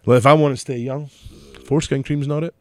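A middle-aged man with a softened Scottish accent, swearing and laughing through casual podcast banter. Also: medium pitch, steady tone, fast talker, dry recording, clean studio sound. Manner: crude, swears a lot, laughs often. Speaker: podcast co-host. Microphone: studio podcast mic.

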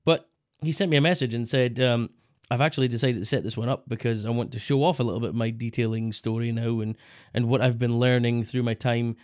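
A man co-hosting a podcast in casual, chatty banter. His voice sits at an ordinary middle pitch. He laughs often and keeps slipping into silly put-on voices. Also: steady tone, fairly quick, a little mellow. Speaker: podcast co-host.

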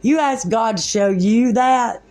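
A woman's voice: on the high side, measured pace, a little mellow. A woman delivering a rambling religious monologue in a fervent, preachy way, using colloquial, folksy grammar.

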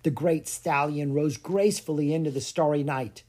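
A narrator reading a children's fantasy chapter book aloud with an expressive delivery. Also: mid-range voice, normal speed. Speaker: audiobook narrator. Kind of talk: storybook narration.

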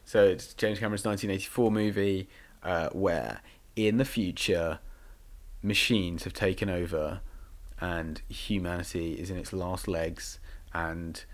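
A man with a very deep voice talks through a film in a loose, rambling way. He fills his sentences with ums and likes as he chats casually with his co-host. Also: steady tone, a little slow. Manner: rambling, filler-heavy, enthusiastic. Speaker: podcast co-host.

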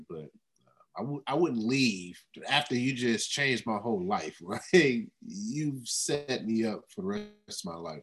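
A man's voice: mid-range voice, expressive, a little slow, a bit bright, slightly rough. A man who once played the game, chatting as co-host in a laid-back way, often trailing off. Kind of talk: casual sports talk.

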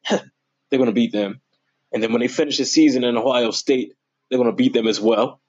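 A young man talks sports in a loose, slangy way, his voice shooting up high whenever he gets worked up. His voice has a slightly husky edge. The recording sounds dull and lo-fi. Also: normal speed, long pauses. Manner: animated, voice jumps high when excited; informal, slangy and playful. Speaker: sports podcast host. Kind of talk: casual sports talk.

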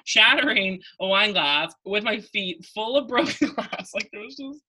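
A woman's voice: mid-range voice, lively intonation, moderate pace, sharp tone, slightly rough, low-quality recording. A young Canadian woman co-hosting a podcast, chatting casually, laughing often and filling her talk with "like". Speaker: podcast co-host. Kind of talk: casual chat.

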